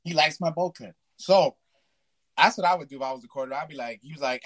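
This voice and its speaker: A man in animated, profane podcast banter, acting out imagined conversations. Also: on the high side, fast talker, no room sound. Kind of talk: casual chat.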